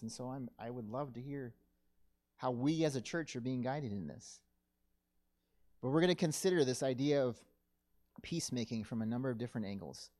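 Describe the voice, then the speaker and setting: A man preaching a sermon to his church, with a voice of middling pitch. He speaks earnestly and at a measured pace, now and then stopping to correct himself. His delivery stays sincere and steady. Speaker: pastor.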